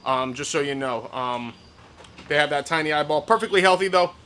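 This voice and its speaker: A man co-hosting a live reptile sale, pitching animals eagerly and reassuring buyers. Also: brisk, sharp tone, smooth. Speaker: livestream co-host selling reptiles. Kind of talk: casual live sales pitch.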